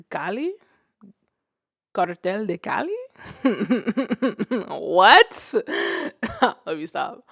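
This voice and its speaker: A young woman chats through a music livestream in a relaxed, unhurried way, her voice carrying a noticeable gravelly fry. She talks loosely, laughs often and swears casually, and the close mic keeps the sound dry and near. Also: fairly low pitch, dry recording. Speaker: music streamer.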